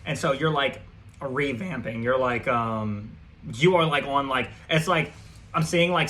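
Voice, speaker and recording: Profane, rambling man with a bright voice. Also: mid-range voice. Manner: loose and profane, heavy with fillers. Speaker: tarot reader. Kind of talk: casual spoken tarot reading.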